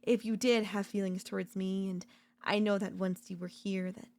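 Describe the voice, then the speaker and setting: Woman voicing a soft possessive yandere girlfriend, whispered role-play. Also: mid-range voice, little pitch movement, creaky. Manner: soft, possessive, doting, slow and lingering. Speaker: voice actor.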